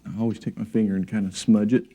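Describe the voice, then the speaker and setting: A man giving a relaxed, encouraging painting demonstration in his studio, talking while he works. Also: fairly low pitch, quick pace, background noise. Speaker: painting instructor. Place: art studio.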